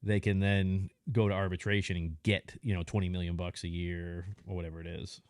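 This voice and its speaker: A man's voice: low-pitched, little pitch movement, fairly quick, a little mellow, smooth, dry recording, studio quality. A man co-hosting a casual podcast, bantering about sports in a laid-back way. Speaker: co-host.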